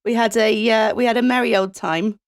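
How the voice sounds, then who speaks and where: A woman's voice: on the high side, steady tone, fairly quick. Woman telling a dry, casual story. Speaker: podcast co-host. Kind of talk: casual podcast chat.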